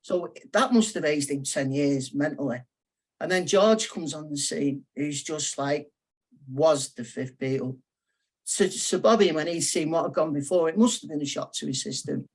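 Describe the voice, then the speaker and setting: A man's voice: fairly high pitch, lively intonation, normal speed, husky. A man as a guest on a football podcast, telling stories with enthusiasm and painting match moments. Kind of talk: casual football chat.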